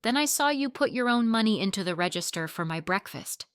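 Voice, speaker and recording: A woman voicing a composed, kind and confident businesswoman who speaks with gentle assertiveness in a storybook reading. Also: mid-range voice, lively intonation, brisk, clear, resonant tone, dry recording, clean studio sound, close to an everyday voice. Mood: reminiscing.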